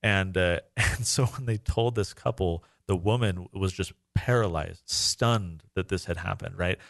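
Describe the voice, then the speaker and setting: Man, very low voice, dry close sound, earnest rambling storyteller, podcast co-host. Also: unhurried, gravelly, a bit bright, no room sound. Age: adult parent. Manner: earnest, emotional, rambling with fillers. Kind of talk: casual conversational storytelling.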